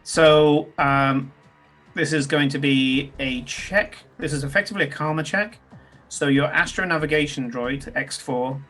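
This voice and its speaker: A man's voice: a little high, measured pace, sharp tone, faint music behind. A man narrating as game master in a tabletop game, talking loosely with fillers and restarts. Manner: loose, descriptive, many ums and restarts.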